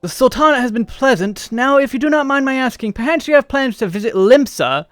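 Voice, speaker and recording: A man's voice: very high voice, expressive, fairly quick, a bit bright, no room sound, soft background music, voice pushed up. An American man voicing a fussy, posh British male court official in a put-on plummy accent. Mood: polite, formal.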